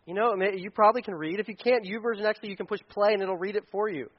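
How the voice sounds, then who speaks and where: Rapid-fire and sitting high in pitch, a man's voice carries a casual, joking sermon aimed at parents. He acts out little scenes with funny voices, and the recording is dull and lo-fi.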